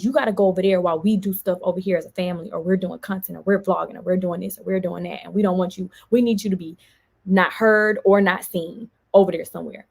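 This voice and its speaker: A woman vlogger, venting in an animated storytime and quoting others as she goes. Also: mid-range voice, gravelly. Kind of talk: casual storytime vlog.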